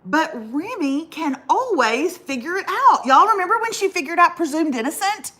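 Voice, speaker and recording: A middle-aged woman co-hosting a casual talk show, an animated storyteller who laughs often and calls her audience y'all. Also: very high voice, moderate pace. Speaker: co-host. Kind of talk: comic storytelling, casual chat.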